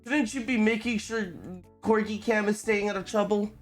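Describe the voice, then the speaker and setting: A woman's voice: medium pitch, moderate pace, soft background music. A woman streaming a game, chatting casually and giggling with her chat. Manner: giggly, animated, talks to chat.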